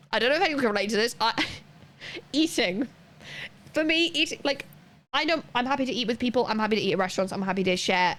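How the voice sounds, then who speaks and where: A woman streamer chatting casually and rambling to her live chat while playing, laughing often and reading chat messages aloud. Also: fairly high pitch.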